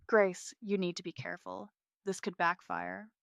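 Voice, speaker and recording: A woman voicing a calm, concerned male doctor who speaks low and firm in a narrated hospital story. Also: normal speed, creaky, no room sound, studio quality.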